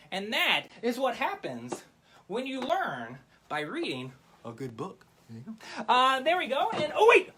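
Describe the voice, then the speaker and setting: Animated goofy man doing a kids' magic show. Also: very high-pitched, slight background noise. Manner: goofy, playful, self-mocking, addresses kids directly. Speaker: children's magician.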